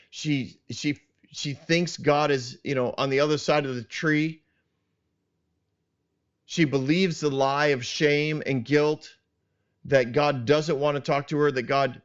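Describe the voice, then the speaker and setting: A man hosting a podcast, reflecting earnestly on a scripture passage and often restarting his sentences as he thinks aloud. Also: a little high. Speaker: podcast host teaching scripture. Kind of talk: reflective teaching talk. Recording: dull lo-fi sound.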